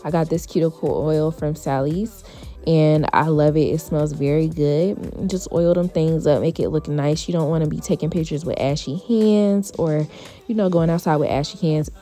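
A woman giving a chatty, relaxed tutorial voice-over as a beauty vlogger, full of casual fillers. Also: low voice, moderate pace, faint music behind.

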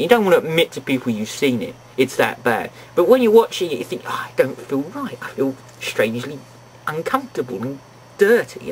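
A man's voice: on the high side, fairly bright tone, slightly rough. A man giving a ranting, sarcastic film review in an exasperated tone.

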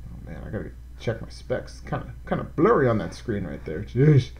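A man hosting a video game let's play, talking casually and excitedly to his viewers as he plays. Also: mid-range voice, fairly quick. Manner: excitable, rambling, talks straight to viewers. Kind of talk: casual gameplay commentary.

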